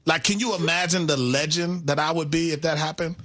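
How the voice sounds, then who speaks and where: A man's voice: a little high, fairly even intonation, fairly quick, a bit bright. A man from Milwaukee co-hosting a casual podcast chat, laid-back and rambling, laughing easily. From Milwaukee, Midwest US. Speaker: co-host.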